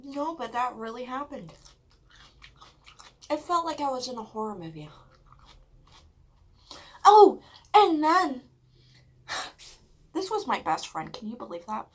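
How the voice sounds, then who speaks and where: A woman vlogger telling a story casually while eating, chatty and full of "like", swearing often and dropping into hushed whispers at dramatic moments. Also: on the high side, expressive, moderate pace, long pauses. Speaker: mukbang vlogger.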